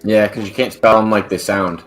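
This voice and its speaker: A low-pitched man hosts a casual livestream chat over a video call. He jokes, laughs easily and trips over his own words as he talks. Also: flat delivery, normal speed. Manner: joking, laughs often, restarts phrases. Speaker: podcast host.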